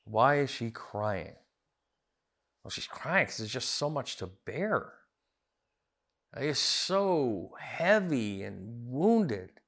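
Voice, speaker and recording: A man's voice: medium pitch, fairly bright tone. A man as pastor preaching a sermon, earnest, building to emphatic repeated phrases. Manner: earnest, rising emphatic repetitions.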